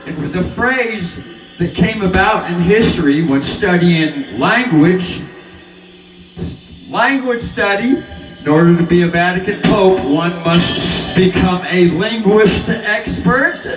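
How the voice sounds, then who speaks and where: A man's voice: high-pitched, slow. A man rambling about chords and word play while playing guitar at home, with loose free association. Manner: rambling, free-associating, breaks into laughter and snatches of singing. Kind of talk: rambling musing over guitar practice. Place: home room with guitar amp. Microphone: dynamic mic, sung dry. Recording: roomy home recording, mic at a distance.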